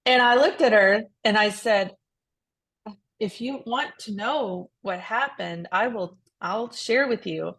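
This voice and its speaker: A woman's voice: mid-range voice, slow, fairly bright tone, husky. A woman tells a heartfelt story on a ministry podcast. She talks earnestly and restarts her sentences often, in an everyday mid-range voice. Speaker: podcast co-host. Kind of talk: casual faith podcast chat.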